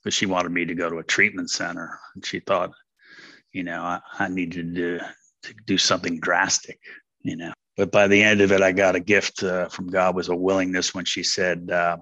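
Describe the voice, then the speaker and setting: An older man tells his story in a low, steady voice that barely rises or falls, with a bright edge to it. He talks candidly and rambles, with many fillers. The sound is close and dry. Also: normal speed, dry recording. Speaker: speaker sharing at a recovery meeting. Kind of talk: personal testimony.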